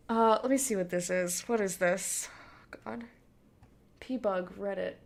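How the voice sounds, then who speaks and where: A young woman streaming a game and chatting casually with her viewers, blunt and quick to swear, laughing often and reading their messages aloud. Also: mid-range voice, gravelly. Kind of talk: casual live-stream chat while gaming.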